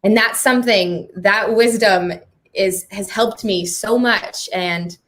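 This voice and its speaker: A woman's voice: medium pitch, takes it slowly, fairly bright tone. A woman moderating a live panel conversation on stage. She speaks in an earnest, heartfelt way and laughs often. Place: performing arts centre stage.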